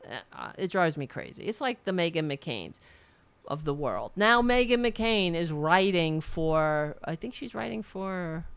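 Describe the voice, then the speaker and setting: A woman's voice: low voice, big pitch swings, unhurried, fairly bright tone, smooth. A woman hosting a political livestream, ranting with anger and sarcasm and swearing often. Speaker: host.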